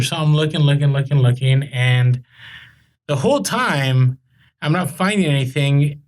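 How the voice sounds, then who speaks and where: Male podcast co-host, slightly high voice, chatty storyteller who trips over his words. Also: normal speed. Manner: rambling storyteller, many fillers and restarts. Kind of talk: casual chat.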